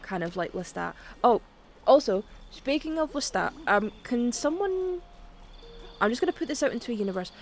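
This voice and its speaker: A woman's voice: a little high, sing-song, normal speed, slight background noise. A woman streaming a game, chatting casually, swearing freely and reading dialogue aloud. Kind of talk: casual gaming stream chat. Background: faint game music.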